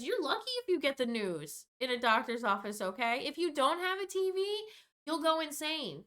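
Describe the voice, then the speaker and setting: A woman's voice: sits high, bright, forceful tone. A young woman vlogger telling a storytime rant, exasperated and rambling, swearing freely as she goes.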